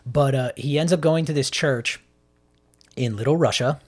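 A man in relaxed conversation walks through a story step by step. He rambles a little, trips over restarts and fills gaps with ums and likes. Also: medium pitch, moderate pace. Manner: rambling retelling with acted-out quotes and many fillers. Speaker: podcast co-host recapping a film. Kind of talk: casual chat.

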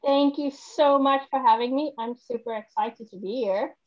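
A woman's voice: high-pitched, muffled recording. A woman from South Africa with a South African accent tinged British, a guest author talking in a bubbly way with many fillers. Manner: bubbly, fillers and quick laughs. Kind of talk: casual podcast interview.

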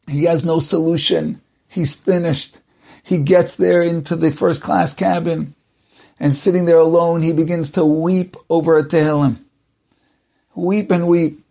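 A man tells a religious tale with dramatic, animated delivery, speeding up and slowing down. His voice sits high for a man and carries a steady gravelly fry. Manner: dramatic, animated, shifting pace. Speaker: storyteller.

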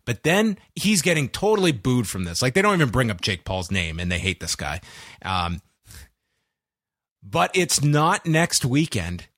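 Wrestling podcast guy, sarcastic and lively, voice jumps all over, dry close mic. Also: lowish voice, brisk, dry recording. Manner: animated, sarcastic recapping. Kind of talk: casual chat.

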